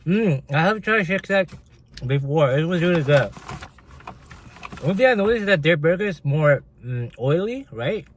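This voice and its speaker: A man's voice: on the high side, expressive, moderate pace. A man hosting a casual livestream, chatting with viewers and reading their comments aloud while he eats, laughing often. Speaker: livestream host.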